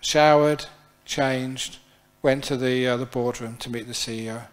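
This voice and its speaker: A man's voice: medium pitch, fairly even intonation, measured pace. A man who is a Buddhist monk, telling a story during a dharma talk at a temple. He is chatty and playful and laughs often. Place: temple hall.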